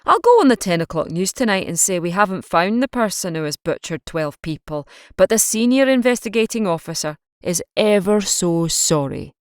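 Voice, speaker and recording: A woman voicing a gruff, sarcastic male Scottish police chief with a Scottish accent in an audiobook reading. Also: lowish voice, normal speed, dry recording, clean studio sound, natural voice.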